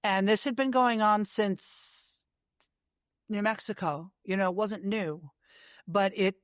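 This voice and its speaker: Brief: a woman recounting her journey in an interview, chatty and animated, clean dry sound. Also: mid-range voice, no room sound. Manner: animated storyteller with frequent asides. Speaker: guest, long-distance horse rider. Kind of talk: casual interview storytelling.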